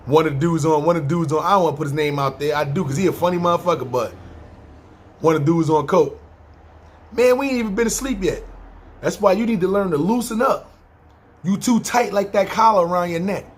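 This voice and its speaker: Husky-voiced New York man telling stories. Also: fairly high pitch, fast talker. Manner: rambling, swears freely, acts out quotes. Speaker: podcast storyteller. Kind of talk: casual profane storytelling.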